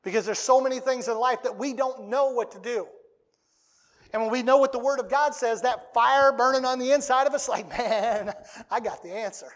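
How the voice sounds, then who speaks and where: A man with a notably high voice preaching in a relaxed, talky way. He is middle-aged and speaks as a pastor. His delivery swells into loud, excited bursts. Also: brisk. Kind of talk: sermon.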